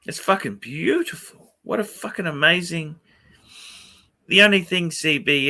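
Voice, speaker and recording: Swearing, excitable man, very bright. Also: a little high, unhurried. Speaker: livestream host. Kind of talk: casual livestream chat.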